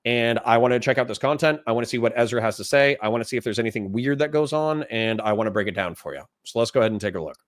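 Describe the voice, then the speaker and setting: A man's voice: mid-range voice, very fast, hardly any pauses, no room sound, studio quality. A man streaming live, reacting to a video clip and talking casually with his chat, bursting into exasperated outbursts.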